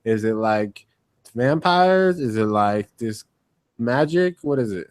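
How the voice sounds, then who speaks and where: Male podcast host, mid pitch, asks quick questions, dry close audio. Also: lively intonation, no room sound. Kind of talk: casual chat.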